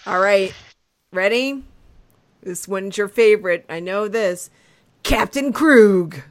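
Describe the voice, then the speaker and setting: A young woman hosting a casual podcast chat, playful and quick to laugh. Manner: playful, laughs often, swings in pitch. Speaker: podcast host.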